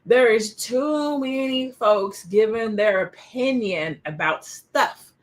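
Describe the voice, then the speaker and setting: A woman hosting a casual panel discussion, animated and expressive, acting out quoted exchanges as she talks. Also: a little high, slow pace. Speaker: podcast host.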